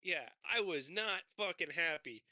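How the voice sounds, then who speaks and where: Animated, bright-voiced swearing storyteller man. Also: on the high side, measured pace, no echo. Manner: animated, swearing storyteller who acts out both sides of conversations. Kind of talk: casual chat.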